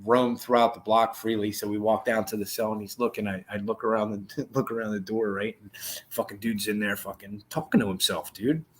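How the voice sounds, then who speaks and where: A man co-hosting a podcast, telling a story in a casual, profane, animated way and acting out the people he quotes. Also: fairly low pitch, brisk. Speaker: podcast co-host.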